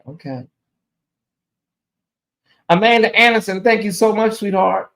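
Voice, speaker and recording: Man, high voice, sleepy livestream host, chatty and emotional with viewers. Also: expressive, a little slow, gravelly, long pauses, a bit bright. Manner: chatty, emotional, thanking donors by name. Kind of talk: casual livestream chat.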